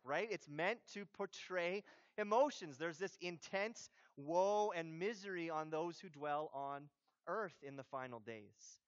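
A man, a pastor, giving a sermon in a conversational, animated way with casual asides. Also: high voice, moderate pace, dry recording, dull audio.

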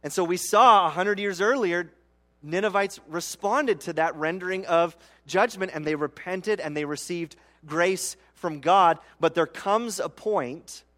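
A pastor delivering a sermon in a somewhat high-pitched male voice. He keeps it conversational, tossing in rhetorical asides to the audience and acting out the complaints of everyday people. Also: measured pace, a bit bright.

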